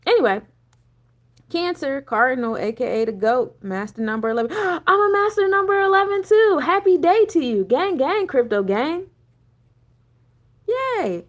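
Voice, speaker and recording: A woman in her thirties with a slightly high voice talks loosely on a livestream. She wanders from topic to topic, swears freely and laughs between thoughts. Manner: rambling, profane, laughing asides, answers chat. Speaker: energy coach and spiritual reader. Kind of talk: casual livestream chat.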